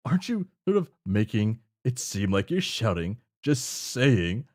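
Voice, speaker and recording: A man's voice: mid-range voice, big pitch swings, measured pace, darkish tone, pitched below the performer's own voice. A man voicing a cheerful, clueless young man who talks in folksy old-fashioned slang while reading a webcomic aloud. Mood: placating. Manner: folksy, upbeat, oblivious.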